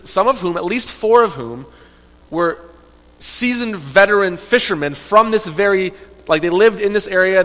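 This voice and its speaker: A man with a high, light voice tells a Bible story to children, lively and conversational, often turning to ask his listeners questions. A long reverb trails his voice through a big room. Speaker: Bible teacher.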